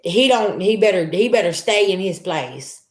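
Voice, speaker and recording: A woman's voice: mid-range voice, lively intonation, normal speed. A woman giving a live spiritual reading as a psychic, talking in a blunt, emphatic, slangy way. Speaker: psychic reader. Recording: roomy echo.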